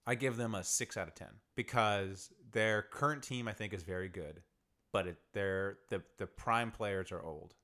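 Animated guy cohosting a hoops podcast, bright voice, laughs a lot. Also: fairly low pitch, moderate pace. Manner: animated, laughs often, restarts. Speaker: podcast co-host. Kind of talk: casual sports chat.

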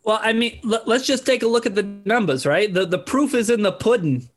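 A young man co-hosting a sports betting podcast, joking in a deadpan, mock-exasperated way. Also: sits high, fairly quick. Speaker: podcast co-host.

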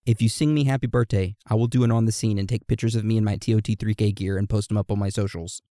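Playful man reading listener shout-outs. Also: fairly low pitch, steady tone, fast talker, no room sound, clean studio sound. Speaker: podcast co-host. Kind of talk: casual podcast chat.

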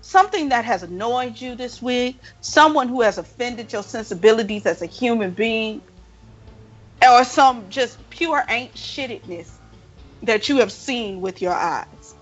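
Playful, animated woman podcast host. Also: fairly high pitch, a little slow, highs cut off, faint music behind. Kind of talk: casual chat.

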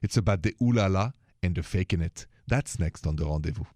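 Chatty Parisian French man, low voice. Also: a little fast, a little mellow, no room sound, clean studio sound. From France. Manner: chatty, playful, sprinkles in French words. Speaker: radio advice host. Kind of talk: advice show monologue.

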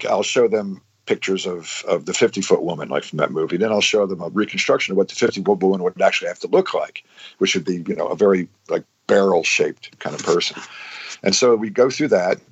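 A man's voice: deep voice, fairly quick, slightly rough, lo-fi sound. A man explaining science in casual podcast chat, with frequent restarts and fillers.

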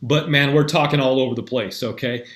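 A man telling a coaching story in a casual, lively way, playing out what each person said. His voice sits in the middle range and carries a roomy, echoey sound. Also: medium pitch, brisk. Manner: animated, acts out both sides of dialogue. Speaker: mental performance coach.

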